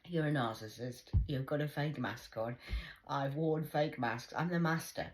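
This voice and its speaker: A woman's voice: low-pitched, a little slow, slight background noise. A woman in her forties ranting bluntly in a heated casual monologue, swearing often. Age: 40s. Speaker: vlogger.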